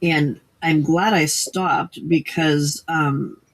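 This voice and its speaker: Slow, rambling older woman. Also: low-pitched, steady tone. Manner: rambling, hesitant, many fillers and restarts. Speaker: livestream crafting host. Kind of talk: casual late-night chat.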